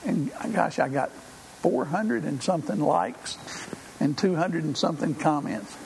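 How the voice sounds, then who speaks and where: Older guy preaching, folksy and chatty, gravelly voice, big hall echo. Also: fairly high pitch, expressive, measured pace, darkish tone. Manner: folksy, conversational, with frequent fillers. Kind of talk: sermon. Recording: hall reverb, faint room noise.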